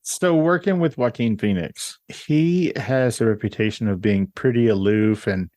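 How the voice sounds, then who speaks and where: A man's voice: on the low side, unhurried, a little mellow, no echo. A man hosting a podcast, asking curious questions and giving brief reactions. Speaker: podcast host. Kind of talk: interview questions.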